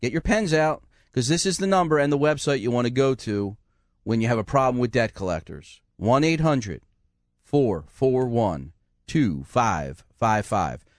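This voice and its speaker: Lively radio host man. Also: medium pitch, measured pace, no room sound, clean studio sound. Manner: animated, folksy, jokey. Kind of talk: radio call-in chat.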